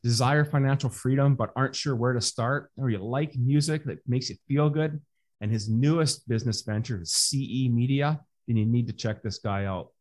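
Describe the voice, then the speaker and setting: Man, podcast host, from Canada, motivational, mid-pitched voice. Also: normal speed, a little mellow. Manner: motivational, addresses listeners as brothers. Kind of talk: podcast intro and interview.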